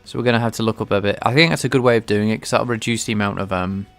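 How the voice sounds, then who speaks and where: A man livestreaming game development, thinking aloud in a halting way with many restarts. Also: on the low side, vocal fry, fairly bright tone, faint music behind. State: sneezing, a bit stuffy. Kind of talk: casual livestream coding talk.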